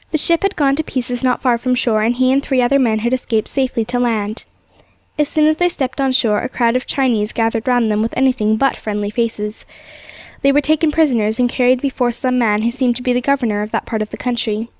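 A woman narrating an old storybook aloud in a steady, measured reading. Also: a little high, no room sound.

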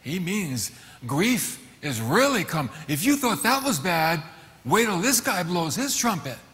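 Middle-aged male pastor, slightly high voice, animated sermon delivery, reverberant church hall. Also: measured pace. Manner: animated preaching, acting out quoted voices with sudden shouts.

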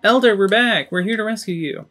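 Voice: medium pitch, fairly quick, a bit bright, voice pushed up. A game streamer voicing an earnest, eager young tiny creature who pleads and protests.

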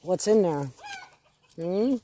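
Mellow-voiced woman training a dog outdoors. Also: fairly low pitch, expressive, slow pace, slight background noise. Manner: chatty, breaks off to give short commands and praise to her dog. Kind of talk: casual training walkthrough. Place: outdoors in her yard near chickens.

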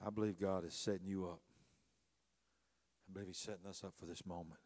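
A man preaching a sermon as a bishop. His delivery swings from hushed to loud, and he repeats phrases for emphasis. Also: low voice, steady tone, brisk.

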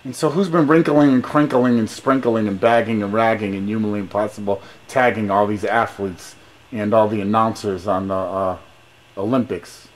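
A man with a fairly low voice talks on a phone call in a rhyming, preachy, sing-song patter. He is pushy and grandiose, piling up rhymes in long run-on sentences as if giving a sermon. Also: fairly even intonation, normal speed. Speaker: caller.

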